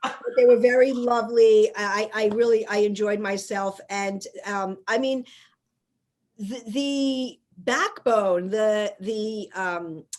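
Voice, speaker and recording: A woman's voice: mid-range voice, slow, a little mellow. A woman from New York hosting a casual interview, chatty and rambling, often laughing as she talks. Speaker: podcast host.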